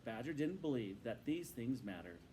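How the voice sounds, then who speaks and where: A man reading a storybook aloud to his students in a patient, instructive and expressive way. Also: medium pitch, moderate pace, a little hiss or hum, poor audio.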